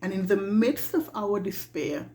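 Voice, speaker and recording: A woman giving a devotional reflection in an earnest, halting way, often repeating her words. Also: mid-range voice, expressive, mellow. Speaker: devotional speaker. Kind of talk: slow reflective devotional talk.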